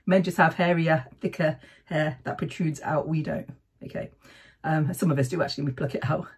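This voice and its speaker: Breathy woman giving chatty advice. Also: sits low, steady tone, moderate pace. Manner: chatty, keeps adding "okay?". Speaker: vlogger sharing health tips. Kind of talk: casual advice talk to camera.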